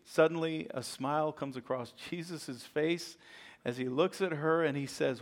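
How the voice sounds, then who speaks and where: A man preaching a sermon as a pastor, telling a story with animated, acted-out voices and repeated words when excited. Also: on the high side, a little slow.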